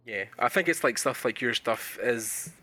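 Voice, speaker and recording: A man's voice: medium pitch, expressive, normal speed, pushed and bright. A man with a Scottish accent hosting a podcast, chatting casually and telling stories with enthusiasm. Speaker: podcast host.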